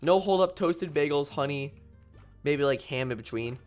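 A man's voice: fairly high pitch, normal speed, faint music behind. A young man streaming a video game, rambling playfully and reading viewers' messages aloud. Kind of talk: casual gameplay commentary.

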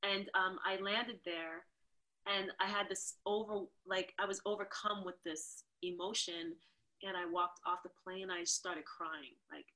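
A woman from New York, a dancer guesting on a podcast, telling a story in a casual, animated way. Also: medium pitch, a little slow. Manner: animated, acts out the people in her stories.

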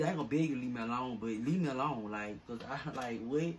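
A man's voice: medium pitch, brisk, hardly any pauses. Fed-up man venting, noisy recording. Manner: irritated, fed-up, rambling slangy rant. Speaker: vlogger. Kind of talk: venting to camera.

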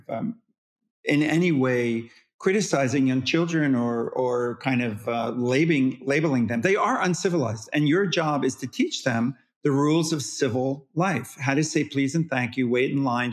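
A man as a parenting expert guest in an interview, explaining in an animated, demonstrative way and acting out how parents talk to toddlers. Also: medium pitch, unhurried.

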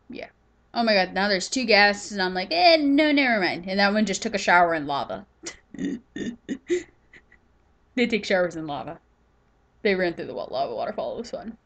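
A woman's voice: medium pitch, moderate pace, pauses often, fairly bright tone. Tired, chatty woman narrating her gameplay. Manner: chatty, rambling, talks to herself. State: tired, yawning. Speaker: gaming YouTuber. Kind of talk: casual gameplay commentary.

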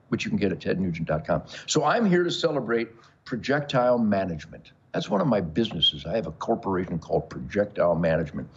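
A muffled recording with slight background noise captures an older show host's fairly low voice. He talks to the camera in a rambling, bombastic way, full of boasts, jokes and frequent laughter.

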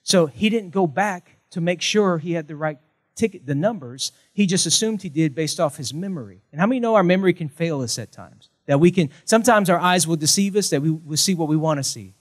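A man's voice: a little high, lively intonation, fairly quick. A male pastor, preaching a sermon with emphatic, punchy repetition and light jokes.

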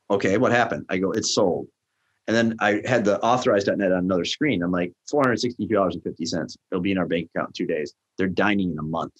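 A middle-aged man, a restaurant tech founder, telling stories in an interview and acting out the lines of the people in them. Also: muffled recording. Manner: acts out quoted dialogue with jumps in pitch. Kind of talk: animated storytelling in a podcast interview.

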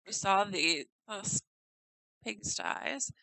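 Chatty woman, casual game tour commentary, bright, slow, dry sound. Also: mid-range voice, lively intonation, gravelly, no room sound, low-quality recording. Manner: giggly, chatty, stumbles over names. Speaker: game house tour video maker.

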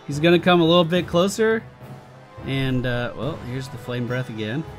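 A man's voice: mid-range voice, normal speed, faint music behind. A man giving casual gameplay commentary on a let's play, swearing and exasperated, talking back at the game.

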